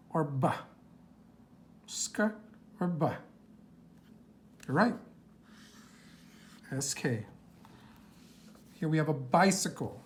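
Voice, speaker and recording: A woman teacher reading a worksheet aloud to young children, patient and slow, asking questions and answering them herself. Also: sits low, slight background noise.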